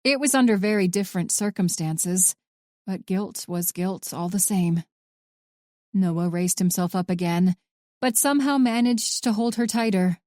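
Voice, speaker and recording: A woman reads a thriller audiobook in a measured, even way. Her voice is mellow and dark, with a middle pitch. The recording is dry and close. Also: dry recording. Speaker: audiobook narrator. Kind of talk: scripted audiobook narration.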